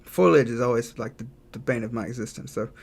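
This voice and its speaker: Guy livestreaming, gravelly husky voice, laid back, keyboard clacking behind. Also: mid-range voice, fast. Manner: relaxed, thinking aloud, reads out chat messages. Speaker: game developer streaming live. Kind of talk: casual livestream chat while drawing.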